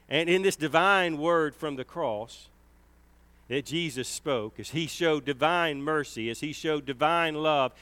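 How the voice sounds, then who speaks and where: A male preacher delivering a sermon with a lively, animated voice that climbs high on the words he stresses. He talks slowly and deliberately, leaning on key phrases. The sound is dry and close, with no room echo. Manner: emphatic, swells and slows on key words.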